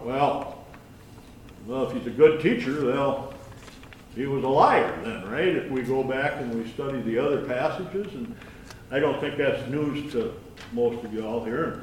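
A man giving a conversational sermon with scripture reading, folksy and halting, with many restarts and asides. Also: mid-range voice, darkish tone, slight background noise. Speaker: lay preacher. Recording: echoey room from far off.

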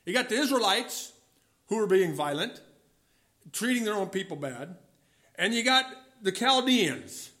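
A man preaching a sermon, asking questions of the listeners, reading scripture aloud and dropping low on key words. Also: big pitch swings, unhurried, long pauses, bright, forceful tone. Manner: reads scripture aloud with rising voice.

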